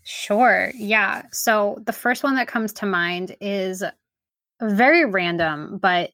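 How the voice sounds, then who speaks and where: A woman's voice: medium pitch, slow pace, no echo. Female podcast guest, mid-range voice, dry recording, chatty casual talk. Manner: chatty, trailing off into quiet asides. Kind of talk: casual conversation.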